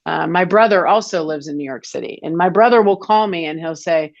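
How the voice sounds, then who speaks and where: A woman's voice: on the low side, brisk, dull audio. A woman in her forties, a foot health clinician, explaining things casually with many fillers and restarts in an interview.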